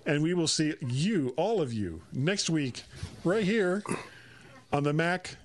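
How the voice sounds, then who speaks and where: Male podcast host, casual and jokey, slightly higher voice. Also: expressive, takes it slowly. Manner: chatty, jokey, rattles off plugs. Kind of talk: casual tech podcast chat.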